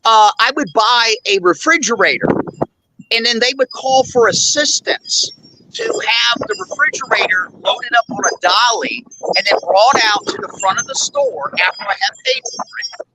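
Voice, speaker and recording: A man's voice: extremely high pitch, very animated, moderate pace, background noise. A male host telling a rambling, indignant story in a casual chat, full of fillers. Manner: blunt and indignant. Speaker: show host.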